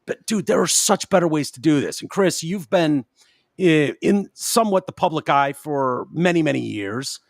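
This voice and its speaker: Male podcast host, a bit higher than most, animated with mocking impressions, casual chat. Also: moderate pace, vocal fry, dry recording, studio quality.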